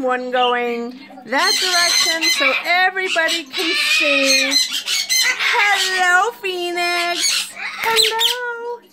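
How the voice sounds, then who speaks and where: A woman's voice: high-pitched, very noisy. A woman vlogging at home, talking in a sing-song baby-talk voice to her pet birds. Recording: loud bird squawks behind. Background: squawking parrots.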